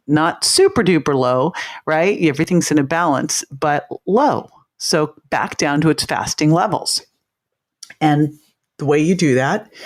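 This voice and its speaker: A woman hosting a podcast, upbeat and animated, explaining things simply in casual talk. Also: sits low. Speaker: podcast host.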